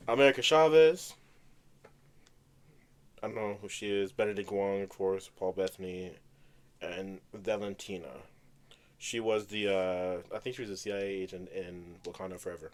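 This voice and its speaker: A man's voice: low voice, steady tone, moderate pace, long pauses. A young man co-hosting a podcast, chatting casually in a laid-back, rambling way with slang. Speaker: podcast co-host. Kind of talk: casual chat.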